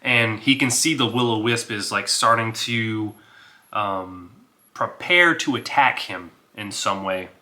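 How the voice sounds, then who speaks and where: A man talks through his solo tabletop adventure in a relaxed, thinking-aloud way, full of fillers and little chuckles. His voice is very bright and he takes his time. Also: lowish voice, slow. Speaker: solo game player. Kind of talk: casual solo tabletop narration.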